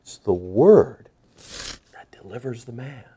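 A middle-aged male pastor preaching a folksy, animated sermon, joking with his congregation and acting out voices. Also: medium pitch, slow, background noise.

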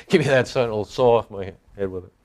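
A man teaching from the Bible in a sermon, animated and joking, acting out the people he quotes. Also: on the low side. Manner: animated, jokey, acts out quoted voices. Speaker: preacher.

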